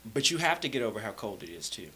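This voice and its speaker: A man in his thirties from Alabama, a guest telling stories in a casual interview, relaxed and rambling with plenty of fillers. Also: on the low side, fast talker, a little hiss or hum, poor audio.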